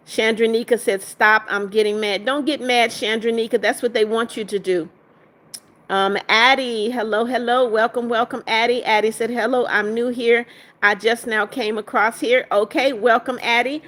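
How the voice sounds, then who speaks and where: A woman's voice: mid-range voice, a bit bright. Woman, livestream host, casual chat, reads comments aloud, firm with trolls.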